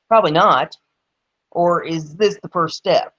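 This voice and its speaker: A woman's voice: on the low side, a little slow, fairly bright tone, rough recording. A woman hosting her own news show, reading articles aloud and adding sarcastic, emphatic commentary. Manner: sarcastic, emphatic on key words.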